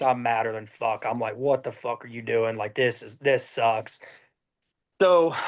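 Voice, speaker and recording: A young man from Georgia, telling profane, lively race stories as a podcast guest. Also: medium pitch. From Georgia, USA. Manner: profane, lively anecdotes with acted-out dialogue. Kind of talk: casual storytelling.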